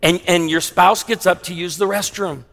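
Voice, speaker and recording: A man preaching a sermon as a pastor, animated, moving between hushed emphasis and loud punchy lines. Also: high-pitched, normal speed, gravelly, a little hiss or hum. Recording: long reverb of a large hall.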